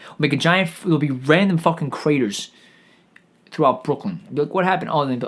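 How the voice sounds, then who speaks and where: A man's voice: medium pitch, animated, fast talker, a bit bright. A man hosting a comedy podcast, delivering a sarcastic, profane rant that rambles along with frequent stammered restarts.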